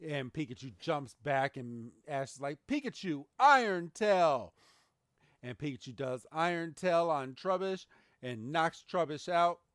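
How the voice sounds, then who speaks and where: A man's voice: a little high, normal speed, smooth, dry recording, studio quality. A man co-hosting a podcast, casually retelling a cartoon episode and acting out the quotes. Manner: animated retelling, acts out quotes. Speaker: podcast co-host.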